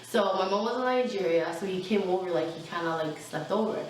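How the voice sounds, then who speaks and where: A young adult woman telling a personal storytime in a casual, animated way, full of fillers and asides. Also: fairly low pitch, fairly quick, distant mic, a little hiss or hum. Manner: chatty, animated, lots of fillers. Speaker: vlogger. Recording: very echoey room, mic set back.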